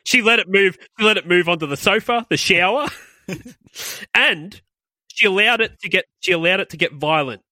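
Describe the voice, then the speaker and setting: A man's voice: high-pitched, moderate pace, bright, forceful tone, no echo. A man co-hosting a comedy chat, laughing often as he reads lyrics aloud. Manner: giggly, laughs through lines. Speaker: podcast co-host. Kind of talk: casual comedic banter, reading song lyrics aloud.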